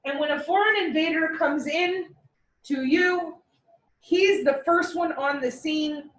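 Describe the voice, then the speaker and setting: A woman teaching a class in a playful way, with vivid comparisons and quick mock voices, recorded from across the room. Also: high-pitched, a bit bright, distant mic. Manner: playful, uses military metaphors and mock voices. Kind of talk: classroom lecture. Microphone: far from the mic. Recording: echoey classroom recorded from afar.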